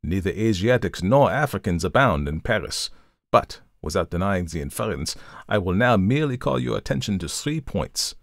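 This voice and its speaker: Male reader doing a calm, methodical detective who lectures in formal tones, low-pitched, dry close sound, storybook reading. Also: gravelly, no room sound. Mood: lecturing. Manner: measured, formal and explanatory. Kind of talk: audiobook reading of a classic story.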